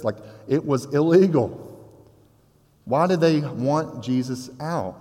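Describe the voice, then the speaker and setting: A man preaching a sermon in a conversational, animated way, with casual asides to his listeners. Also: a little high, measured pace, long reverb tail. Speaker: pastor.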